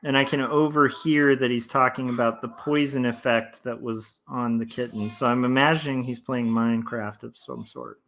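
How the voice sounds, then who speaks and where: A man's voice: mid-range voice, normal speed, few pauses. A man in his thirties chatting casually on a livestream while he draws, rambling through many fillers and restarts and reading chat messages aloud. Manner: relaxed and friendly, reads chat aloud. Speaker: comic artist streamer. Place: home studio indoors.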